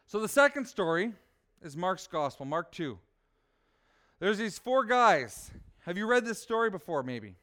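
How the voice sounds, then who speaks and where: High-voiced, smooth male preacher. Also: very animated, measured pace. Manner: rhetorical, asks "right?", swings soft to loud. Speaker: pastor. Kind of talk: sermon.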